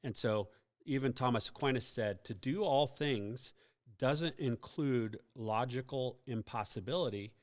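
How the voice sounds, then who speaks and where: A man hosts a casual faith podcast for a youth group. He explains things patiently, like a teacher, with plenty of ums and uhs along the way. His voice sits at an ordinary middle pitch. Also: unhurried. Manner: explanatory, teacherly, many fillers and asides. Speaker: youth ministry podcast host.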